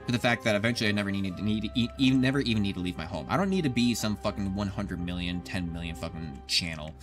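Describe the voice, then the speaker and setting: Rambling low-voiced male gamer. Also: quick pace. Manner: rambling, swears often, talks to chat. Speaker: streamer. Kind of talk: casual gameplay commentary. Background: background music.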